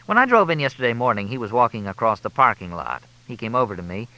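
A man's voice: mid-range voice, very animated, quick pace, pushed and bright, no echo, low-quality recording. A man voicing a big, plain-spoken female masseuse who talks in a chatty, matter-of-fact way. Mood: uneasy.

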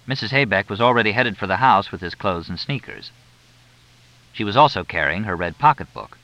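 A man narrating an audiobook in a lively, expressive reading. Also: on the low side, a little fast, no echo. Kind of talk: scripted narration. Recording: dull lo-fi dry recording.

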